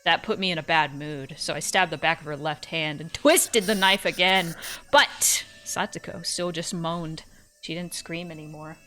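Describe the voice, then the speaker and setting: A woman reading a first-person visual novel narration aloud in a steady, matter-of-fact way. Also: low-pitched, moderate pace.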